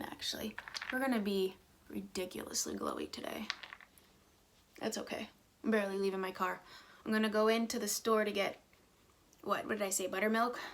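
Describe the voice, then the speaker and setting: Chatty bright-voiced woman vlogger. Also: fairly high pitch, a little hiss or hum. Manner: chatty, rambling, drops to a whisper at times. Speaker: beauty vlogger. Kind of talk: casual get-ready-with-me chat. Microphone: phone camera close up.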